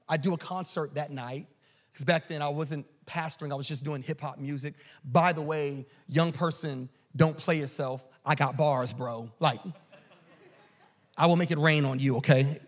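A man preaching a storytelling sermon in a church, animated and joking. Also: fairly high pitch, moderate pace. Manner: animated and joking, acts out quoted voices. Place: church auditorium.

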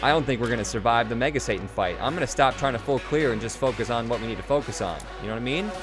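A young man commenting on his own game run, excitable, swinging from quick mumbles to loud whoops and swearing freely. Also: medium pitch. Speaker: gaming YouTuber. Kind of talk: Let's Play commentary. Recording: game music playing behind.

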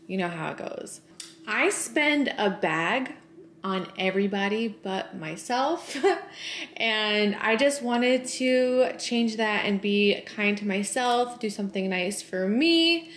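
A woman's voice: mid-range voice, slight background noise. A young woman in her twenties chatting bubbly and straight to camera in a casual lifestyle vlog. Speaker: beauty and lifestyle vlogger. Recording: echoey room, faint ambience.

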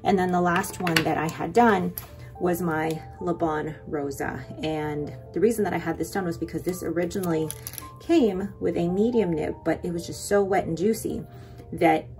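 A young adult woman vlogging in a chatty, excited way, rambling with quick asides as she shows her haul. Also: on the low side, soft background music. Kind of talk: casual haul vlog.

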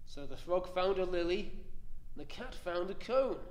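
A man reading a rhyming picture book aloud in a slow, rhythmic delivery. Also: high voice, roomy sound, low-quality recording. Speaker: library staff reader.

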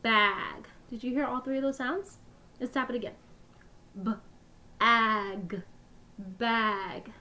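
A woman's voice: a little high, measured pace, bright, forceful tone. A young woman teaching a phonics lesson to young children, with an encouraging sing-song manner.

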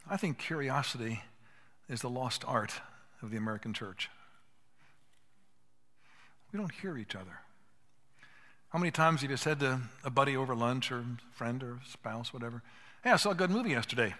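A man's voice: medium pitch, animated, moderate pace, long pauses, fairly bright tone. An older man giving an earnest teaching talk at a conference, emphatic and acting out bits of dialogue. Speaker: conference speaker. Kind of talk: teaching talk to a live audience. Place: conference hall. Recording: hall reverb.

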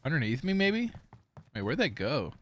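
Excitable young man taunting on stream. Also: a little high, moderate pace. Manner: excitable, taunting banter with bursts of yelling. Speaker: gaming streamer. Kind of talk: live gameplay commentary.

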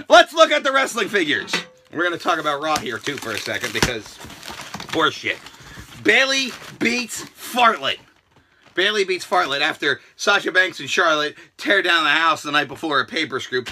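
A man vlogging from a room at home, telling stories in a profane rant that bursts into shouting and drops into hushed asides. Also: high-pitched, slight background noise. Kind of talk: ranting vlog storytelling.

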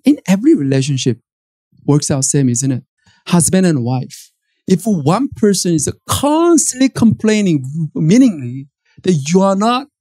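A male pastor with a Korean accent preaching a sermon in a church, emphatic and animated, with frequent fillers and restarts. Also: sits high, dry recording. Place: church auditorium.

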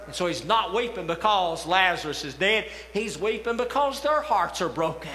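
High, bright-voiced preacher man in an echoing church. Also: lively intonation, moderate pace, few pauses. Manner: impassioned preaching that swells to shouts. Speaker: pastor. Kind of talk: sermon. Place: church sanctuary. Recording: echoey church hall with long reverb.

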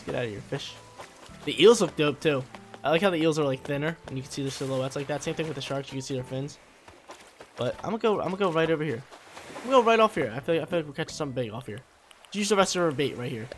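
A young man giving casual gameplay commentary as a channel host, slangy and excitable, breaking into loud yelps. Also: on the high side, quick pace, a little hiss or hum. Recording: faint music under voice.

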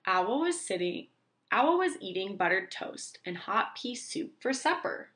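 A woman teacher reading a children's book aloud, slowly and clearly for young children. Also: mid-range voice, sing-song, fairly bright tone.

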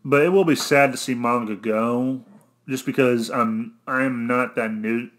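A young man from Arkansas with an Arkansan accent, rambling through a solo rant in a monotone, blunt and cynical, often correcting himself. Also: medium pitch, measured pace. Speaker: vlogger.

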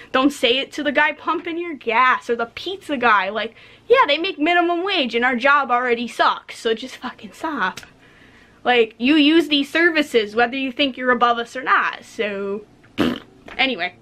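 A young woman in her twenties, a podcast co-host, ranting bluntly and with plenty of swearing in casual talk. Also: on the high side. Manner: blunt, profane, animated storytelling. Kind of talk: casual rant.

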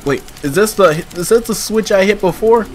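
A young man streaming a horror game, excitable, yelping and pleading with the enemies. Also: high-pitched, normal speed. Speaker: gaming streamer. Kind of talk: let's play commentary. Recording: game music behind voice. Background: horror game music.

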